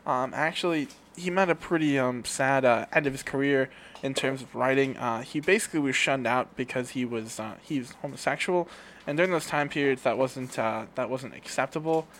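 A man's voice: mid-range voice, brisk, a bit bright, a little hiss or hum. A man co-hosting a podcast in a casual, rambling chat, often laughing and restarting his sentences with fillers. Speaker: podcast co-host.

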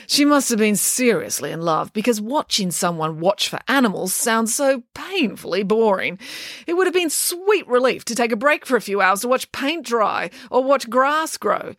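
A woman's voice: on the high side, expressive, normal speed, dry recording, clean studio sound. A woman narrating a storybook in a playful, wry way. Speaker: audiobook narrator.

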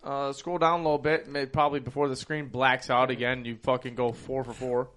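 A man's voice: medium pitch, flat delivery, brisk, fairly bright tone, a little hiss or hum. A man co-hosting a podcast in casual chat, with loose, profane, laughing banter. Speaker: podcast co-host.

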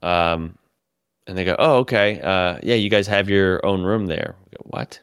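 A man telling profane, animated stories about a comedy tour in casual podcast chat. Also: low voice, normal speed, smooth, no room sound, clean studio sound. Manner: profane, animated storytelling with laughs.

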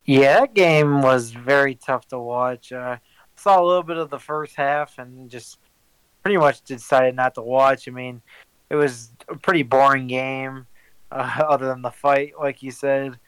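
A man's voice: mid-range voice, steady tone, a little slow, a bit bright, clean tone, dry recording, poor audio. Easygoing man chatting about sports. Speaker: podcast co-host. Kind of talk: casual sports chat.

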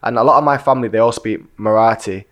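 A man with a Manchester accent interviewing a guest in casual conversation, chatty and quick to laugh. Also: on the low side, a bit bright.

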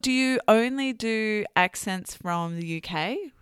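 A woman hosting an interview, telling stories in a casual, animated way. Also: medium pitch, takes it slowly, clear, resonant tone, no echo, studio quality. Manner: animated, laughing storyteller.

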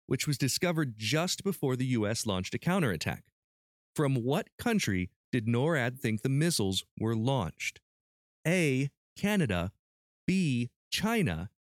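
A man hosts a podcast quiz in a playful way, reading each question slowly and clearly. His voice sounds dry and close to the mic, with no room sound around it. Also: mid-range voice, very animated, no echo. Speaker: podcast host running a quiz. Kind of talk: casual podcast chat.

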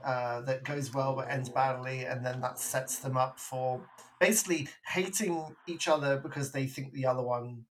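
A British man co-hosting a film podcast, chatting casually, laughing often and breaking into animated bits. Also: medium pitch, moderate pace, slight background noise, low-quality recording. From Britain. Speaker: podcast co-host. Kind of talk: casual film review chat.

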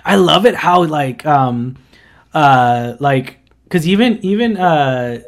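Blunt excitable speaker, lively pitch swings, casual chat. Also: slow pace. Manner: blunt, excitable, swears freely.

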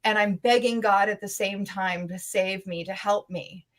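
A woman's voice: medium pitch, steady tone, normal speed. Female guest, earnest storyteller, urgent delivery with restarts, medium voice. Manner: emotional, intense storytelling. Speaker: interview guest. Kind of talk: personal story in an interview.

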